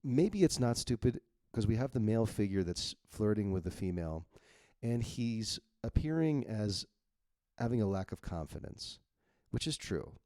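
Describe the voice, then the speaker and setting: A man's voice: on the low side, animated, normal speed, warm tone, dry recording, studio quality. A man editing his own novel on screen, thinking aloud bluntly and reading his draft lines to test them. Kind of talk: casual screen-recorded editing walkthrough.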